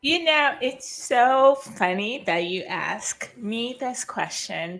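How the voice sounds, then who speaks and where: A woman's voice: lowish voice, expressive, takes it slowly, few pauses, a bit bright. Effusive, emotional woman organizer. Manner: effusive and emotional, with frequent restarts. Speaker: conference organizer. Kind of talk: heartfelt conference talk.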